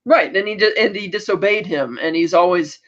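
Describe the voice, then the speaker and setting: High-voiced man recapping a TV episode. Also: fairly quick, lo-fi sound. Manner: animated storytelling, acting out quoted lines. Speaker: podcast co-host.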